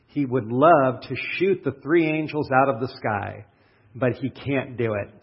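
A husky male preacher who speaks slowly and deliberately, drawing out the words he wants to stress. He prays, reads scripture and asks his congregation questions that he then answers himself. The recording sounds dull and lo-fi. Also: mid-range voice. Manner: deliberate, stretches out key words. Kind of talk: sermon with prayer and scripture reading.

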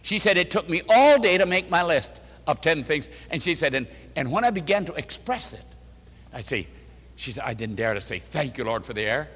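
A man's voice: on the high side, sing-song, moderate pace, fairly bright tone. An older man, a pastor, preaching a sermon to an audience, telling a story and repeating phrases with strong emphasis. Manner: emphatic, repeats phrases for rhythm, acts out quoted speech. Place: church or meeting hall before an audience. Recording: hall with long reverb.

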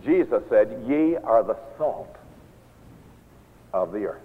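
A man's voice: fairly low pitch, slow pace, husky. Older male preacher, tinny hall recording. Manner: animated preaching with stern asides and mimicry. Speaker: minister. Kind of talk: sermon. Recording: tinny phone-like sound in a large reverberant hall.

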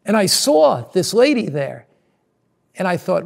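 A man's voice: sits high, sing-song, a little slow, gravelly. A man, a pastor giving an earnest sermon-style lesson preview and retelling a personal story. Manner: repeats words when restarting.

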